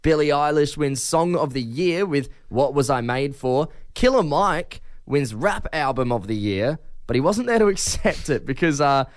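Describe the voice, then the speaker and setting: Aussie bloke on breakfast radio, friendly and quick, smooth voice. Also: male voice, on the high side, lively intonation, no echo, clean studio sound. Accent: Australian. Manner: quick, chummy, laughs often. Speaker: radio co-host.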